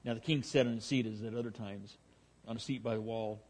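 A man's voice: lowish voice, fairly even intonation, a little fast, darkish tone. A man preaching verse by verse through a Bible passage, talking conversationally with frequent restarts and fillers.

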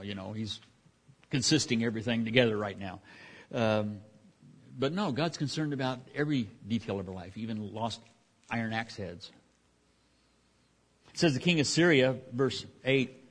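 A man teaching from the Bible in a casual, folksy way, with many restarts and fillers, speaking in a church. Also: mid-range voice. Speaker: pastor.

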